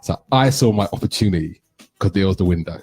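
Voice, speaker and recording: A middle-aged man hosting a radio chat, telling lively anecdotes and acting out what people said. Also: low-pitched, quick pace, slightly rough, soft background music. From London. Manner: animated anecdote telling, acts out quotes. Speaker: radio show host. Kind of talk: casual storytelling chat.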